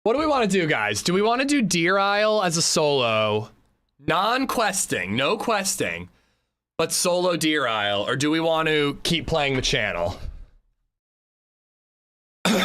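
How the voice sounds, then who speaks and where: A man streaming a game live, chatting casually with viewers, swearing freely and breaking into loud laughs. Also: a little high. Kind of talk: casual livestream chat while gaming.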